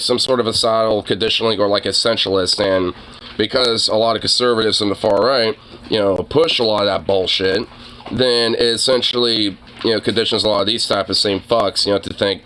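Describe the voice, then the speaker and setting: A man's voice: mid-range voice, pushed and bright, a little hiss or hum. A man streamer giving rambling, casual commentary on clips, with many fillers, swearing and laughs. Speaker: streamer reacting to videos.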